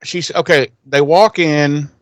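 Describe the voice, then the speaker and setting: A man's voice: on the high side, steady tone, slow, no room sound. Rambling man recapping, dry sound. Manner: rambling, with fillers, restarts and casual swearing. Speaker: podcast co-host. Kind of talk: casual episode recap.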